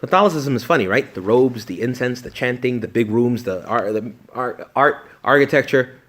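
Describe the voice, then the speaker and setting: A man, a priest, giving a retreat talk to young adults, joking and animated one moment and hushed the next. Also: mid-range voice, normal speed, few pauses.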